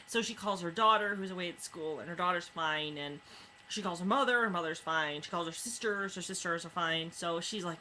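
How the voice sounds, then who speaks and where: A woman reviewing books in a casual chat, retelling stories with lots of fillers and quick asides. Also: on the low side, pushed and bright, slight background noise, low-quality recording. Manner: chatty retelling with many fillers. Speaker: book reviewer.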